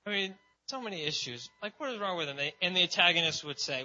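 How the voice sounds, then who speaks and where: A man's voice: sits high, animated, quick pace, sharp tone. A man preaching a casual sermon in a loose, chatty way, full of "like" and "you know". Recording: dull lo-fi sound.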